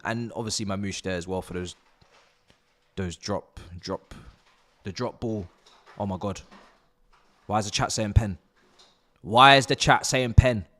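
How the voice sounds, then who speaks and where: A young man hosting a live football watch-along, excitable and swearing, shouting at the players. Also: fairly low pitch. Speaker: live stream host.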